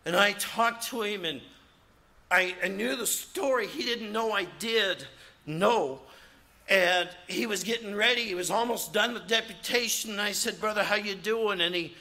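A man preaching as an evangelist, animated, acting out quotes in his sermon. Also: high-pitched, normal speed.

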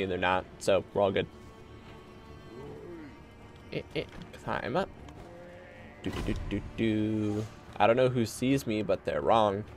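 Talking casually as he streams a game, a man with a lowish voice coaches himself through fights, alternating excitable bursts with mutters.

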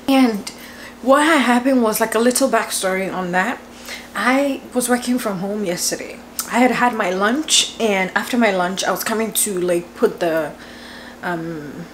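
A woman in her twenties, a vlogger telling a story at home in a lively, chatty way, laughing often and filling her talk with "like". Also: medium pitch, slight background noise. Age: 20s. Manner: animated, laughing, lots of "like" fillers. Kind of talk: casual storytelling vlog. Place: home, indoors.

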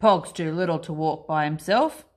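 A woman's voice: mid-range voice, big pitch swings, a little slow, creaky. A woman voicing an older male monster sibling who croons and growls to tease his little brother. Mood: teasing.

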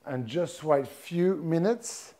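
In a noisy setting, a middle-aged chef from France talks animatedly in a higher register while demonstrating a dish live. His chatty explanations go step by step, with frequent false starts.

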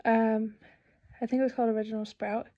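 A woman's voice: a little high, level tone, a little fast, lo-fi sound. A woman in her twenties chatting casually in a vlog, gushing and breathless, with lots of fillers. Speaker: vlogger.

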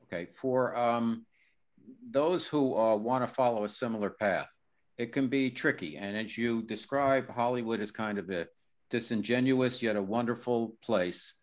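A male podcast host asking the guest halting, filler-filled questions. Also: mid-range voice. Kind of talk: interview questions.

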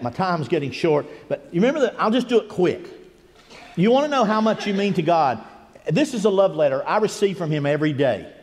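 Older preacher, high voice, hall echo. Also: male voice. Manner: folksy, emphatic, swings between hushed and rising. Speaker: guest preacher. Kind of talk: sermon. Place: church sanctuary.

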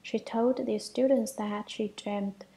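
Gravelly, soft-spoken woman reading scripture commentary. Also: mid-range voice, fairly even intonation, rough recording. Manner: measured, soft and half-whispered at times, with small restarts. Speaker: reader of Buddhist commentary. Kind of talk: read-aloud sutra commentary.

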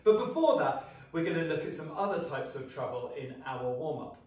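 A young British man leading a children's singing assembly, upbeat and encouraging as he guides vocal warm-ups and sound effects. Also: fairly high pitch, big pitch swings, fairly quick. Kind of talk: lively music lesson for children. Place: small flat, echoey room. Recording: echoey room, mic at a distance.

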